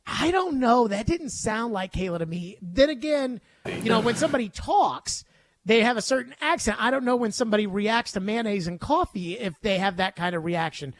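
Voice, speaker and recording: A man's voice: high-pitched, expressive, moderate pace, no echo, clean studio sound. A man hosting a sports talk radio show, ranting emphatically with jokes.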